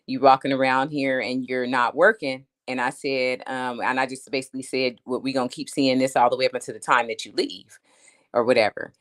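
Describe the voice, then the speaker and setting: On a live stream, a woman with a very deep voice tells a story as a casual rant, speaking fairly quickly with little pitch movement. She's blunt and emphatic yet chatty, often asking "you know what I'm saying."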